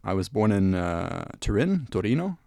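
A young man with a French accent, a guest talking haltingly in a casual radio interview, often restarting his sentences. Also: fairly low pitch, sing-song, gravelly, warm tone, no echo. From Italy. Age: young adult. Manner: halting, many restarts and fillers.

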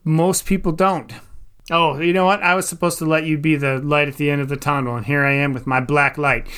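A man co-hosting a podcast from home with a somewhat high voice. He teases his co-host in a wry way. He stresses his points firmly and with emphasis. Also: fairly even intonation, fairly quick, fairly bright tone, smooth. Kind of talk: casual chat. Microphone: home recording.

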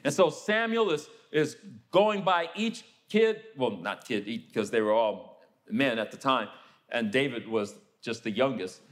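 A man preaching a sermon, telling a story and acting out the people in it, then turning quiet and low for a personal confession. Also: expressive, a little slow. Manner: storytelling, acts out the people he quotes.

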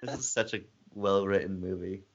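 Low-voiced guy adding movie details, dull lo-fi recording. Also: fairly even intonation, normal speed. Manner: easygoing, chimes in with scene details. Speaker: podcast co-host. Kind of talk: casual movie recap chat.

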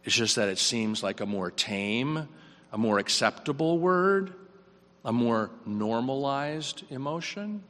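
A male preacher delivers a sermon with a bright, forceful tone, reflective and earnest. His questions rise, then his voice sinks quiet. The sound rings with the long reverb of a church sanctuary. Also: mid-range voice, expressive, slow pace.

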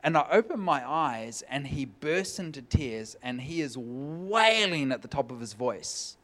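A man preaching, telling a humorous personal story with lively, joking delivery. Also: medium pitch, unhurried. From California. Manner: animated, jokey storytelling with laughs. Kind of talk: sermon storytelling.

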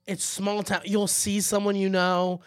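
A man with a slightly high voice tells animated stories in a casual podcast chat. He jumps into the voices of the people he quotes. The sound is close and dry. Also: measured pace, clear, resonant tone, no room sound. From Austin, Texas. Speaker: podcast co-host.

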